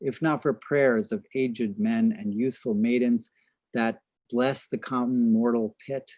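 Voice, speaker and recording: A man reading his own verse translation aloud in a measured, deliberate way. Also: mid-range voice, a little mellow, dry recording.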